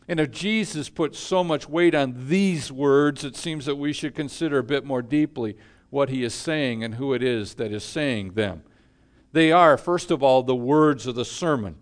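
A male pastor delivers a sermon in a measured way, his slightly high voice falling quiet at the ends of phrases.

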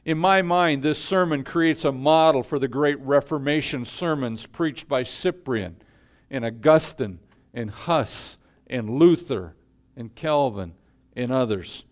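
A male pastor preaching a sermon in a measured way, letting his voice fall quiet at the ends of phrases. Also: mid-range voice.

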